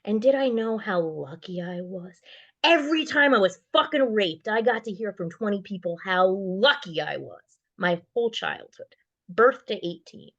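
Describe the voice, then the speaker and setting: A woman's voice: medium pitch, animated, normal speed, fairly bright tone, highs cut off. A woman giving a candid personal testimony in a raw, blunt and profane way, with bitter sarcasm. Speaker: guest sharing her survivor story.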